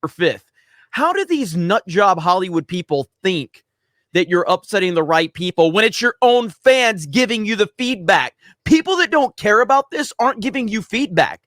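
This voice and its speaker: A man talks through his video commentary in a sarcastic, matter-of-fact tone. His voice sits a little high, and the recording is dry and close, with no room sound around it. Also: sing-song, moderate pace, fairly bright tone, dry recording. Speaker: YouTube commentator.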